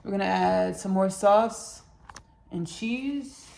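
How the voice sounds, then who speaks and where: A woman's voice: lowish voice, fairly even intonation, slow, vocal fry, a little mellow, echoey room, a little hiss or hum. A woman hosting a home cooking video in her kitchen, chatting in a rambling, casual way and addressing viewers as y'all. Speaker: home cook and channel host. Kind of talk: casual cooking vlog chat.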